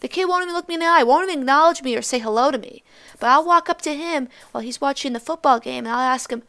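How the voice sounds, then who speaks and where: A woman's voice: high-pitched, fast talker, a bit bright. A teenage girl from Massachusetts hosting a solo podcast, ranting in a blunt, profane and sarcastic way. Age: teens. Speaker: podcast host.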